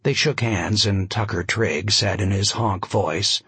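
Husky low-voiced male narrator. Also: a little slow, fairly bright tone, dry recording. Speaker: audiobook narrator. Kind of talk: scripted narration.

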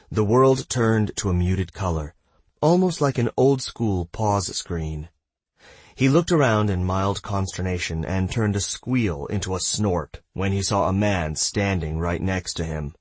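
A man reads a fantasy audiobook in a steady storytelling manner. His voice is deep and husky. The recording is close and dry. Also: dry recording. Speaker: audiobook narrator. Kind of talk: scripted narration.

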